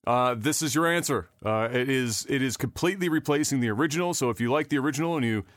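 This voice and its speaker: A man hosts a casual gaming news podcast in a sarcastic, offhand way, swearing freely. His delivery rambles with fillers and restarts. His voice is of middle pitch and sounds dry and close. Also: fast talker, a bit bright, no room sound. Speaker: podcast host.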